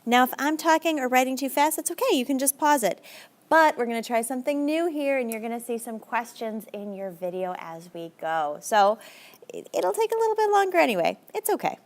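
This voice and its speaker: A young adult woman with a fairly high voice, talking a class through a recorded lesson. She is brisk and chatty and keeps encouraging her students. Her pitch jumps around as she explains. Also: animated. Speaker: Spanish teacher.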